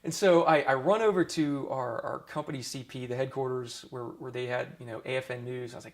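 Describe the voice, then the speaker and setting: A man with a gravelly, creaky edge to his voice, of middle pitch for a man, recounts his deployment in a loose, conversational way. He restarts sentences often and leans on fillers as he tells the story. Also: a little fast. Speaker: former army dentist. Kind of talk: oral history interview.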